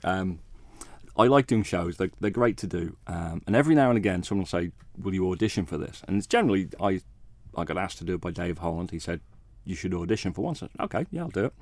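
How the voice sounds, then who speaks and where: A man, a bass player, chatting as a radio guest in a modest, rambling way, acting out what others said to him. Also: fast, a little mellow, dry recording. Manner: modest, rambling, acts out quoted talk. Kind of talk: casual interview chat.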